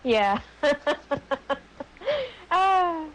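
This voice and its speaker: A woman's voice: very high-pitched, sing-song, drawn-out words, a crowd in the background, low-quality recording. A giggly woman chatting casually on a podcast through a headphone mic, laughing often. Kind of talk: casual chat.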